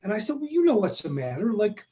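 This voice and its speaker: A man's voice: high voice, quick pace, highs cut off. A man in his sixties, a guest in an interview, telling a story and acting out the lines of the people in it. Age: 60s. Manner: animated, acts out quoted dialogue.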